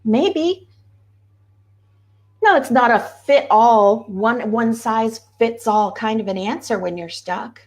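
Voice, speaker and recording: A woman's voice: on the high side, slow pace. A woman spiritual coach talking casually to her viewers, earnest and repeating key phrases for emphasis. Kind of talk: casual livestream talk.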